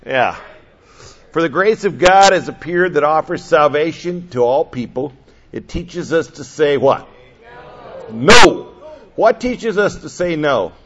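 Older man preaching a lively sermon. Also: fairly high pitch, unhurried. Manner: animated, swings from loud to soft. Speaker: pastor. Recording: dull lo-fi sound.

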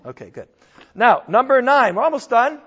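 A man's voice: very high voice, sing-song, normal speed, fairly bright tone, breathy edge. A man preaching a sermon in an emphatic, conversational way, firing off rhetorical questions. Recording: dull sound in a reverberant hall.

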